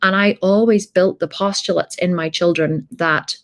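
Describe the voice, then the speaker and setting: A woman's voice: on the low side, fairly even intonation, moderate pace. A woman hosting a podcast, telling a personal story in a blunt, emphatic way and swearing freely. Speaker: podcast host.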